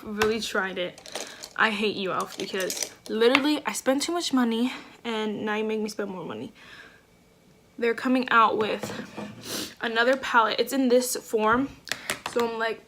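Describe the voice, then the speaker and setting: A woman's voice: fairly high pitch, normal speed, a bit bright, a little hiss or hum. A woman beauty vlogger chatting through a makeup tutorial at home, gushing and effusive, with lots of fillers. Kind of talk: casual makeup tutorial chat.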